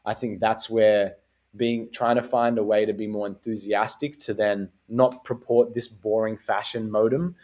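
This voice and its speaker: A man's voice: lowish voice, steady tone, moderate pace, darkish tone. A man hosting a podcast in casual chat, talking in loose, rambling runs full of fillers and the odd swear word. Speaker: podcast host.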